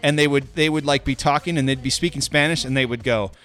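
A man's voice: mid-range voice, fast, fairly bright tone. A man hosting a sports podcast in casual chat, talking with frequent restarts and hesitations. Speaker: podcast host.

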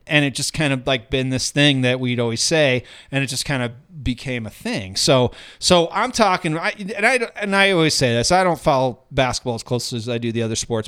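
Man, podcast co-host, casual chat, profane, rambling, smooth voice. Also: medium pitch, fairly bright tone. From Denver area.

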